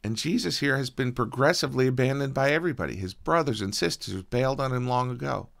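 A man preaching a sermon as pastor, earnest and conversational, with a soft-spoken prayer full of small fillers. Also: medium pitch, fast, creaky.

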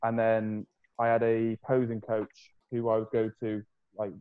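A man's voice: fairly low pitch, monotone, measured pace, smooth, narrow, tinny audio. Young man, loose sweary podcast chat. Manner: swears freely, loose and rambling. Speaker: podcast host, fitness coach. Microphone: video call.

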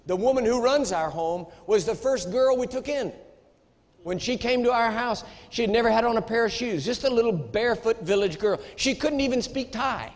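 An American man preaching a sermon, telling a story with emphatic storytelling that rises into outrage. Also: high voice. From United States. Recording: echoey hall.

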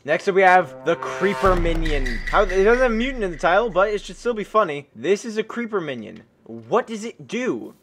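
A high-pitched man giving gameplay commentary with a bright, forceful edge, his voice full of shrieks, gasps and bursts of laughter. His tone stays highly animated and exclamatory, swinging widely in pitch. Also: moderate pace, few pauses, faint music behind. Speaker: gaming channel host.

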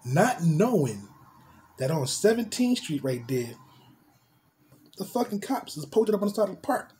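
Young New Jersey man, mellow voice with big pitch swings, slangy storyteller who does his own car sound effects. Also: very animated, normal speed, a little hiss or hum. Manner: vivid street slang, mimics cars and horns. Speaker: vlogger telling a story.

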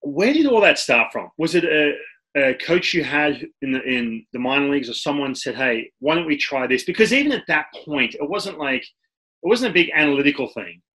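A man's voice: a little high, normal speed. A man with an Australian accent hosting a casual interview and telling stories animatedly, often restarting his sentences. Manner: animated storyteller, many restarts. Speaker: podcast host and former pitcher.

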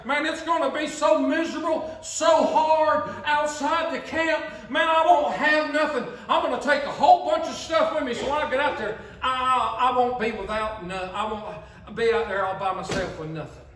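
A pastor, delivering an impassioned sermon and acting out the voices of believers. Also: male voice, very high-pitched, a bit bright, far from the mic. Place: church sanctuary. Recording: echoey church sanctuary, mic from afar.

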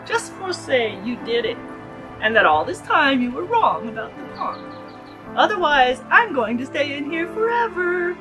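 A woman reading aloud and voicing a playful young man who teases, with a Hawaii Pidgin accent and a loud, high voice. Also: very animated, normal speed, over music, low-quality recording. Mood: taunting. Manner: loud, teasing, high-pitched shouting.

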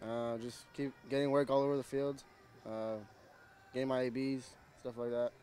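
A young man from Texas answers low-key and briefly in a smooth, clear voice. He is outdoors at a ballpark. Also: fairly even intonation, normal speed, a little mellow. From El Paso, Texas. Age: young adult.

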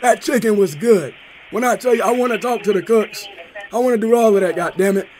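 A man's voice: sits high, fairly quick, lightly acted. A young man putting on the voice of a brash, swearing father calling a restaurant to rave about its chicken. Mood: rowdy. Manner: loud, crude, cursing, insistent. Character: brash swearing middle-aged dad raving about chicken. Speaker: prank caller.

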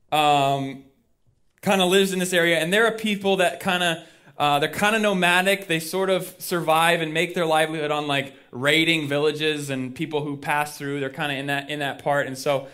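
A man's voice: on the high side, steady tone, normal speed, pushed and bright. A male pastor preaching a sermon in a casual storytelling way, acting out the people he quotes, with lots of fillers. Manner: chatty with many fillers.

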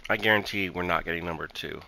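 A man's voice: deep voice, fast talker, vocal fry, bright, forceful tone, a little hiss or hum. A man joking around and chatting casually with a teammate while playing a game. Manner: joking, playful. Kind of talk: casual gaming chat.

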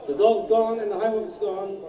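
High-voiced man bantering on stage. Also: brisk, highs cut off. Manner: crude, deadpan joke-telling into a mic. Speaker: band member on stage. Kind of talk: stage banter telling jokes. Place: small live music venue, indoors. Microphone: stage PA heard from the audience. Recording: echoey club, taped far from stage. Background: loud crowd.

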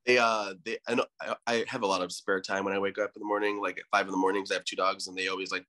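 A man's voice: low-pitched, flat delivery, racing, sharp tone. A man in his thirties, a podcast guest, telling stories in a rambling, effusive way. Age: 30s. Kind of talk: casual chat.

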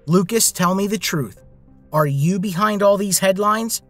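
A furious young businesswoman, put on by a male narrator, her voice pushed up high and tight with anger. She scolds in a raised, strained tone, as in a spoken storybook, with soft music underneath. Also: sing-song, a little slow, slightly rough, exaggerated voice. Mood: angry.

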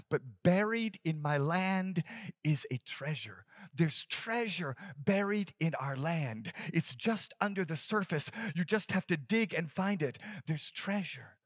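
A preacher doing a weak, trembling dying old farmer. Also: male voice, a little high, a bit bright, dry recording, studio quality.

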